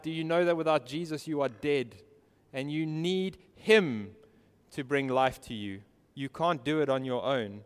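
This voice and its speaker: A man's voice: a little high, lively intonation, normal speed, hardly any pauses. Earnest male preacher in a reverberant hall. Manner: earnest, asks the listeners direct questions. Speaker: pastor. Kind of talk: sermon.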